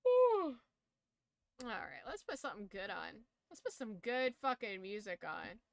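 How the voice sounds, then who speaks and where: Tired, bright-voiced woman streamer. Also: mid-range voice, expressive, normal speed, gravelly, no room sound. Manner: loose, rambling, swears casually. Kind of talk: casual late-night stream chat.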